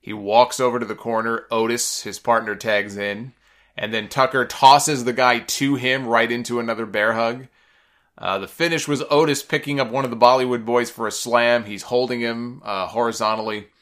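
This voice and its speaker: Guy with a crisp bright voice, chatty podcast recap, lots of uhs, mid pitch. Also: steady tone, moderate pace. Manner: chatty and opinionated, frequent "uh" fillers. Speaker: wrestling recap podcast host. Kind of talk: casual spoken recap.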